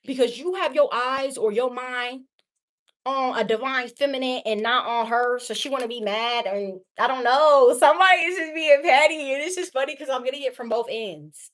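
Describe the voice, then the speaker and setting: A woman's voice: sits high, normal speed, fairly bright tone. A young woman giving a casual tarot reading to her viewers, sassy and profane, often laughing. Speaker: tarot reader.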